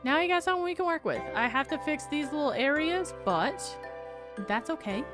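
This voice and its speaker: A woman talks through her live gameplay in a casual, animated way, mostly to herself. Her voice sits a little high and jumps around a lot, with faint music playing in the background. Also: fairly quick. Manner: chatty and animated, talking to herself while playing. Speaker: game streamer. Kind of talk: casual live-stream chatter.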